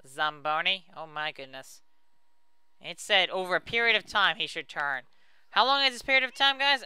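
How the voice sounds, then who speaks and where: A man's voice: sits high, expressive, normal speed, bright, forceful tone, clean tone, no room sound. A man hosting a casual let's play, chatting to viewers and poking fun at himself. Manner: chatty and self-mocking, talks to viewers.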